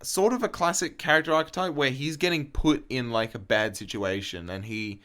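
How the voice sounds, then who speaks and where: A man co-hosts a podcast, chatting casually about a film in a loose, swearing style full of restarts and laughs. His voice is medium-pitched, bright and forceful, at a moderate pace.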